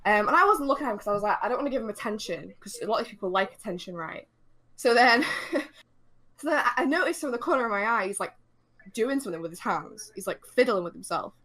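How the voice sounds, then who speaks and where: A young adult woman telling an animated, swear-heavy story in casual podcast chat, building to indignant outbursts. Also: a little high, quick pace.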